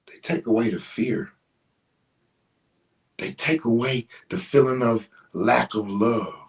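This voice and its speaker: A man hosting a casual spiritual talk, speaking in an animated, slangy way, swearing and often asking "you know what I'm saying". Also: medium pitch, takes it slowly, poor audio. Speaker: podcast host.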